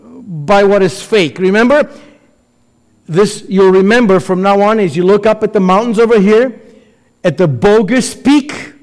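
Male pastor, high-pitched, emphatic sermon delivery, dramatic pauses, long hall echo. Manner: emphatic preaching with dramatic pauses and quoted voices.

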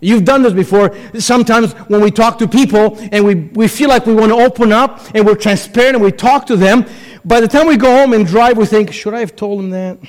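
A man preaching a sermon as pastor, emphatic, with dramatic pauses and acted-out quotes. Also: high-pitched. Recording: long hall reverb.

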